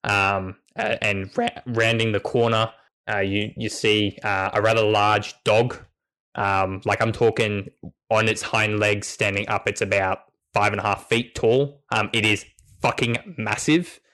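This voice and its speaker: A man's voice: on the low side, fairly even intonation, a little slow, a bit bright. A man narrating as game master, rambling and restarting as he describes the scene. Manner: rambling, many fillers and restarts.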